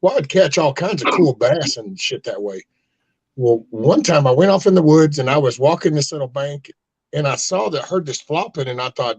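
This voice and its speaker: A man's voice: fairly high pitch, lively intonation, normal speed, darkish tone, breathy edge, poor audio. A man hosting an online chat and telling a loose, folksy fishing story with plenty of cussing. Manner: loose, profane, folksy yarn-spinning. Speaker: host.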